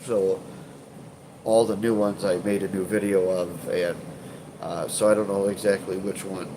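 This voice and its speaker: Over a noisy background, a man's low, stuffed-up voice moves unhurriedly with little change in pitch. Hosting an urban exploration live stream, he chats hesitantly with viewers, rambling through fillers and restarts and swearing casually.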